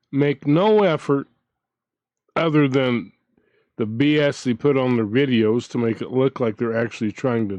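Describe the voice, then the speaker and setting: A man's voice: mid-range voice, darkish tone, dry recording, dull audio. A man hosting his own channel, ranting in a casual, indignant way, with frequent restarts as he talks. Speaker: commentary channel host.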